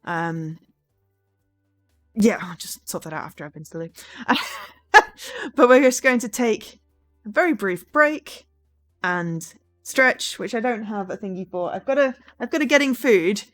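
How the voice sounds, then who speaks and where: A woman's voice: mid-range voice, lively intonation, measured pace, long pauses, fairly bright tone, soft background music. A woman chatting casually on a live charity gaming stream, rambling with lots of ums.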